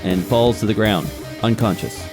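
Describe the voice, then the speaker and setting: A man acting as game master, describing scenes and calling turns in an unhurried, descriptive way. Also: on the low side, animated, music in the background. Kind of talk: narrating a tabletop game.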